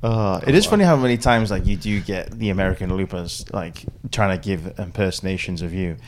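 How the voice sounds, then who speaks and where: A man's voice: sits low, brisk, noisy background. A man hosting a casual podcast, rambling and repeating words as he laughs along with friends. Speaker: podcast host, golf caddie. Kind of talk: casual chat.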